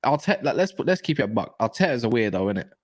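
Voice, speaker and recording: A man's voice: medium pitch, very animated, racing, crowd noise. A man co-hosting a casual football chat, blunt and opinionated with plenty of slang. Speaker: co-host.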